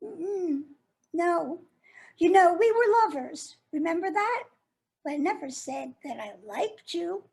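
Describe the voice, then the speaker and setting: A woman's voice: very high-pitched, expressive, slow pace, vocal fry, a little mellow, full character voice. An actress playing a jilted woman who turns bitter and sardonic as she addresses her former lover in a stage monologue. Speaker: actor performing a monologue.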